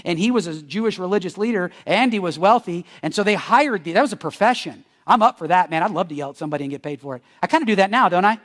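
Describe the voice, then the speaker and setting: A male pastor preaching a sermon in a conversational, joking style, swinging between loud bursts and hushed near-whispers. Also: high-pitched, expressive, fast, few pauses. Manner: joking asides. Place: church.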